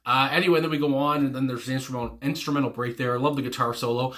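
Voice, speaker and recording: A man's voice: medium pitch, fairly even intonation, racing, fairly bright tone. A man giving casual, rambling reaction commentary as host, enthusiastic and full of fillers and the odd swear word. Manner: enthusiastic, fond.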